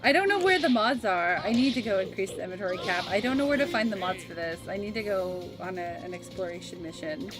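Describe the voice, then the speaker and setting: Woman in her thirties, streamer, chatty and reminiscent, mid-range voice, game music clearly underneath. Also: mid-range voice, expressive, fast, hardly any pauses. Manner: chatty and reminiscing, laughs easily. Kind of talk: casual gaming stream chat.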